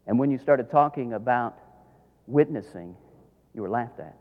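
A middle-aged man, preaching a sermon as a pastor, telling stories dramatically and swinging from hushed tones to shouts. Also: mid-range voice, expressive, normal speed, long pauses, dull audio. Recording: long hall reverb.

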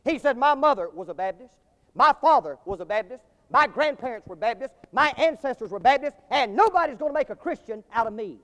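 A man preaching a sermon in a swelling cadence that rises to loud climaxes. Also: very high voice, animated, fairly quick. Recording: long hall reverb.

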